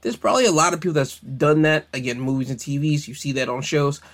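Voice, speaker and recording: A man with a fairly high speaking voice hosts a casual solo podcast. He talks straight to his listeners in a friendly, chatty way, offering advice. His delivery is loose and rambling, full of fillers and quick self-corrections. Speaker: podcast host.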